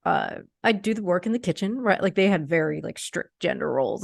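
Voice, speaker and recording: A woman's voice: medium pitch, expressive, fairly quick, creaky, hardly any pauses, dry recording, studio quality. A woman in her thirties chatting casually as a podcast co-host, rambling with lots of filler words. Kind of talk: casual conversational chat.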